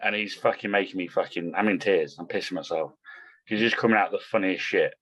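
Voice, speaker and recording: Brief: low-pitched man, blunt and sweary, podcast guest. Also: fast talker, a bit bright, breathy edge, rough recording. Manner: blunt, swears freely, repeats words. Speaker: guest bodybuilder. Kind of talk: casual podcast chat.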